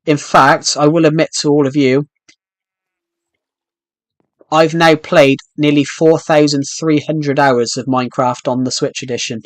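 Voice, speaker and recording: A man's voice: a little high, fairly even intonation, measured pace, dry recording. A young British man chatting casually while streaming a game, rambling with frequent restarts. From United Kingdom. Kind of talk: casual live-stream chat while playing.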